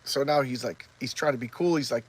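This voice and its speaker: A man's voice: mid-range voice, brisk, breathy edge. A man casually recapping a comic, rambling and acting out the characters' lines. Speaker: comic book reviewer.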